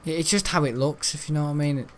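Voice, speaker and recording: A man's voice: on the high side, very fast. Rambling young British man chatting. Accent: British English. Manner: chatty, meandering, lots of fillers and self-corrections. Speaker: gaming channel host. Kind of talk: rambling casual chat over gameplay.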